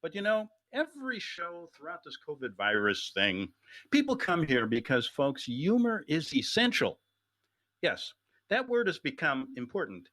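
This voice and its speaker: Animated, bright-voiced radio host rambling jokes. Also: male voice, on the high side, a little slow, no room sound. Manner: rambling, jokey, animated delivery. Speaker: radio talk show host. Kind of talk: comedic talk radio monologue.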